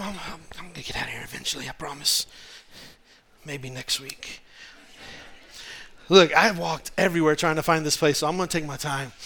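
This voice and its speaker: Male pastor, high voice, lively joking sermon to a church crowd. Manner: animated, humorous, conversational preaching. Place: church in front of a congregation.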